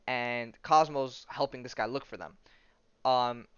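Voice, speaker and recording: Rambling man recapping comics, smooth voice. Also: medium pitch, unhurried, fairly bright tone, no echo. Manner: rambling, laughs at his own jokes. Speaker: podcast host. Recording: dull lo-fi sound.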